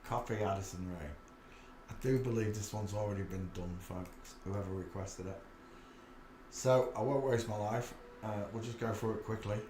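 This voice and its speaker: A man's voice: on the low side, fairly even intonation, moderate pace, a little mellow, echoey room, slight background noise. A man with a Yorkshire accent giving a muttered running commentary as he browses images for his channel. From England. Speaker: channel host.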